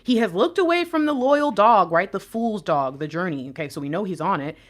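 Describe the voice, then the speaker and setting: A woman hosting her own channel, giving an excited, casual tarot reading, bursting into laughter and then dropping to mutters. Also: mid-range voice, brisk. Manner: excitable, swings from loud laughing outbursts to muttering. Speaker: intuitive tarot reader and channel host.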